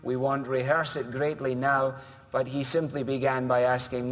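Pastor, male, mid-pitched, earnest measured preaching, long hall reverb. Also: level tone. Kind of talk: sermon.

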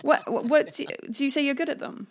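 A woman's voice: sits high, a little fast, a little hiss or hum. A woman guest on a podcast, chatting casually with teasing banter and frequent laughs. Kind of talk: casual chat.

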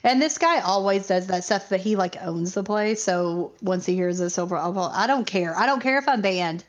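A woman co-hosting a podcast in casual chat, excitable and quick to rant and laugh. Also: mid-range voice. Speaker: podcast co-host. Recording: muffled lo-fi recording.

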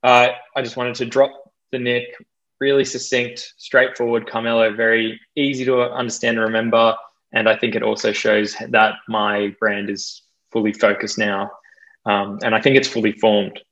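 A man's voice: fairly low pitch, level tone, normal speed, a bit bright. Chatty young Australian man, slightly muffled. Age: young adult. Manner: chatty, self-deprecating, laughs often, many fillers. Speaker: guest DJ and producer. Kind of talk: casual interview chat.

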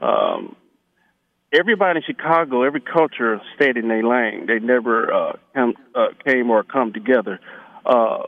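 A male caller on a phone-in show, arguing his opinions in an animated way with many fillers. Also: mid-range voice, moderate pace, creaky, no echo. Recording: tinny phone line.

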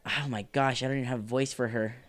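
A game master narrating a tabletop game, giggling and tossing out quick asides. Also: medium pitch, steady tone.

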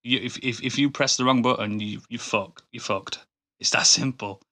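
Enthusiastic bright-voiced man. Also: mid-range voice, steady tone, normal speed. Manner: enthusiastic, rambling with frequent restarts. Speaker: podcast co-host. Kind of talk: casual chat.

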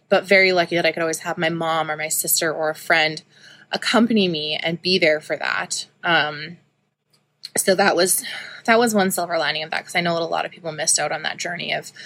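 A woman's voice: lowish voice, fairly bright tone. A woman in her thirties hosting a podcast, telling a personal story in a candid, chatty way with lots of ums and likes. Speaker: podcast host.

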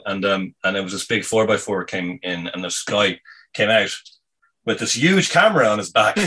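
A deep-voiced man tells a long personal story at an unhurried, rambling pace. His voice is low and a little husky, and he keeps stopping to hunt for the next word. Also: sharp tone, poor audio. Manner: meandering, halting, many fillers. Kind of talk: casual anecdote.

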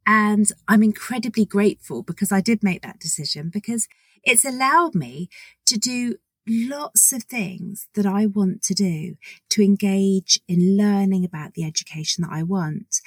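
A woman's voice: mid-range voice, unhurried, slightly rough, no room sound. A woman in her forties hosting a solo podcast introduction, chatty and enthusiastic, acting out little conversations. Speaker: podcast host.

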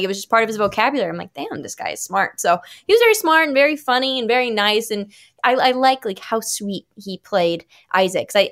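A young adult woman, an actress guest on a podcast, telling stories in a casual, animated way full of fillers. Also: medium pitch. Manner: animated, filler-heavy storytelling.

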